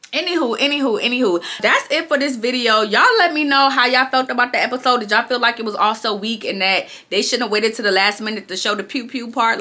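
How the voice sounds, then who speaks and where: A woman vlogger talks straight to her viewers in a chatty, emphatic recap, drawing out words for effect. Her voice sits a little high and rings bright and forceful. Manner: animated and emphatic, drawn-out words, frequent "okay?" and "y'all". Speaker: reality show recap vlogger.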